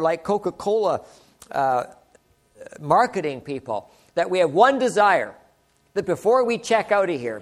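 An older man preaching a sermon, earnest and exclaiming, often asking the listeners rhetorical questions. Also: on the high side.

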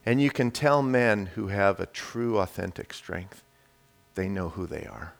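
A man preaching a sermon, addressing the congregation directly and swinging between loud declarations and quiet, hushed lines. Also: fairly low pitch, animated, unhurried, vocal fry.

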